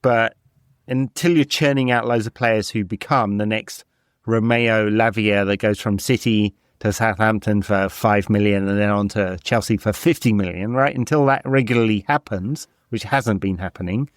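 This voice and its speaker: A man co-hosting a football podcast, animated, talking in bursts and tagging on "right?". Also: on the low side, normal speed, clean tone, dry recording, studio quality. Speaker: podcast co-host. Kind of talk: casual football chat.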